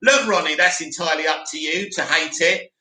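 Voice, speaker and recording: High, bright-voiced chatty man. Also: a little fast, reverberant. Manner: chatty, animated, mocks a dramatic voice. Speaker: live stream host. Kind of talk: casual live chat reading comments.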